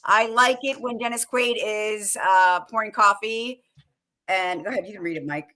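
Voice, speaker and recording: A woman with a bright, forceful voice, chatting casually as co-host of a live fan show. She talks in an animated way and keeps breaking into quoted movie lines with a laugh. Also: medium pitch, moderate pace.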